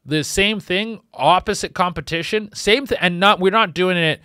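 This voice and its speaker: A man doing a rambling comedic monologue as host, acting out quick voices as he goes. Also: high voice, clear, resonant tone, no echo, clean studio sound. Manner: rambling, animated, acts out voices.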